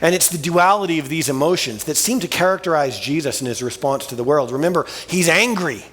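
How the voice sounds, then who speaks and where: A man's voice: on the high side, brisk, a bit bright, slightly rough, long reverb tail. A male pastor preaching a sermon in a casual, colloquial storytelling way, full of vivid everyday asides. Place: church sanctuary.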